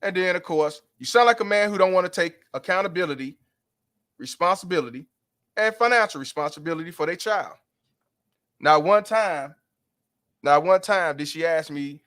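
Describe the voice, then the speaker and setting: A man's voice: fairly high pitch, fairly quick, fairly bright tone. A man hosting a livestream, ranting bluntly and profanely in heated commentary. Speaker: livestream host.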